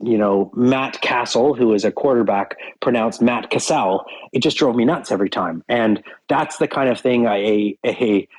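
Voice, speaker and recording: A man's voice: lowish voice, moderate pace, hardly any pauses, darkish tone, rough recording. A man, a company CEO guest in an interview, talking in a direct, earnest way and explaining things with examples. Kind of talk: casual interview chat.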